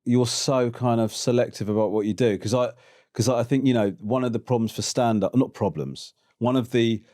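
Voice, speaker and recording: A man's voice: mid-range voice, normal speed, mellow, no room sound, studio quality. A man hosting a chat show, asking questions casually and encouraging with frequent agreement. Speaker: host.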